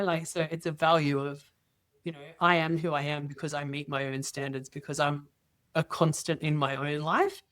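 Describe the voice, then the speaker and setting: A middle-aged woman, appearing as an interview guest, tells personal stories in casual conversation, lively and acting out dialogue in quoted voices. Her voice sits low, with no room sound.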